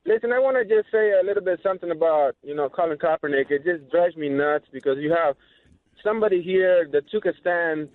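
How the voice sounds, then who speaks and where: A male caller on a thin, tinny phone line, his voice a touch high. He speaks earnestly and hesitantly, with lots of fillers. The line sounds dry and close. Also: fairly quick, no echo. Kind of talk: call-in radio chat.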